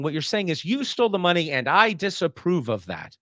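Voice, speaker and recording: Animated man lecturing on ethics. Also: fairly high pitch, brisk, few pauses, no echo. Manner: animated, acts out example tones of voice. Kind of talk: classroom philosophy lecture.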